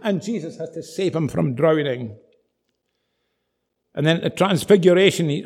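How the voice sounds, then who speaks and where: Animated male preacher, slightly high. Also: normal speed, long pauses, breathy edge. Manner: animated storytelling with dramatic emphasis. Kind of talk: sermon.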